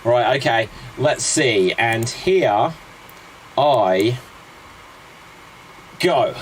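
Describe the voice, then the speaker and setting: A man hosting an improv game show, brisk and announcing. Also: mid-range voice, expressive, slight background noise. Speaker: show host.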